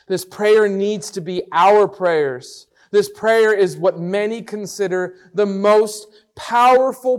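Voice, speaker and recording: High-voiced man preaching slowly. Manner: earnest, emphatic repetition. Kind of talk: devotional Bible teaching.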